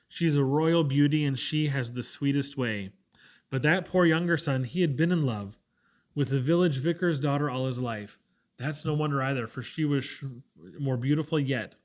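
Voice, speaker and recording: A man voicing a gentle but firm young woman who soothes a sick friend. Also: medium pitch, lightly acted.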